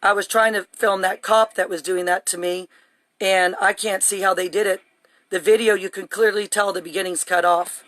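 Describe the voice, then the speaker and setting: A woman streams live from her phone inside her home, rambling with urgency and agitation. Her mid-range voice stays steady in tone, fairly bright and at normal speed, on a dry recording.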